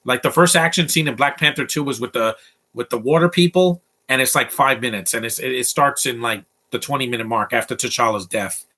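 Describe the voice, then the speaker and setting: Young guy, twenties, bright voice, off-the-cuff movie commentary, blunt and rambly. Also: mid-range voice, brisk. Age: 20s. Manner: blunt, rambling, opinionated, many restarts. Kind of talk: casual live movie commentary.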